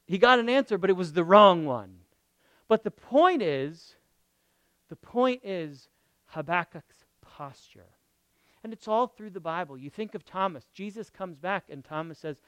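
Animated, high-pitched male preacher. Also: a little slow, clear, resonant tone, no room sound. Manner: expressive, swings from loud emphasis to near whisper, repeats phrases. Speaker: pastor. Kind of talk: sermon.

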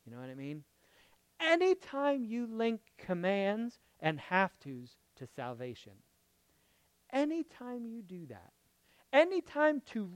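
A man preaching a conversational sermon as a pastor, jumping from loud emphatic lines to quiet murmured asides and checking in with his listeners. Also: high voice, no echo. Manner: checks in with the audience, asking okay and right.

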